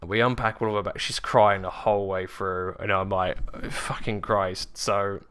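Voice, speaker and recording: A man, candidly telling a personal story in a vlog, halting with fillers and swearing often. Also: lowish voice, steady tone, a bit bright, smooth. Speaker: vlogger.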